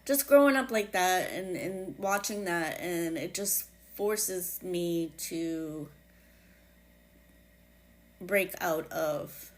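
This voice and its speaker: Woman, New England accent, podcast host, slow and unhurried delivery, lowish voice, halting with fillers. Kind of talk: casual personal reflection.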